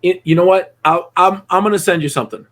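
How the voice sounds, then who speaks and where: A man's voice: high voice, fast, fairly bright tone. A middle-aged man working as a dog trainer, coaching a student bluntly with salty language and acting out his dogs in voices. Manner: blunt, profane, acts out dogs and people in voices. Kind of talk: live coaching session.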